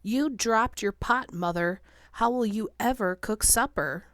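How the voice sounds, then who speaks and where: A woman voicing a gruff, bullying male canoe bowman who mocks and sneers in a storybook reading. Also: sits high, lively intonation, fairly quick, fairly bright tone, dry recording, clean studio sound. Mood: sneering. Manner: sneering, mocking.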